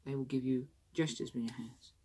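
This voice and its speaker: A woman's voice: rumbling low, steady tone, a little fast, warm tone. A woman who talks in a chatty, rambling way, with restarts and a self-conscious tone, in a candid personal vlog. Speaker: vlogger.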